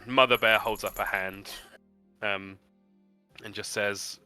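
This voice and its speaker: A man narrating as game master, lively and laughing, voicing the characters himself. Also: fairly low pitch, slow, pauses often, clear, resonant tone, no echo, faint music behind.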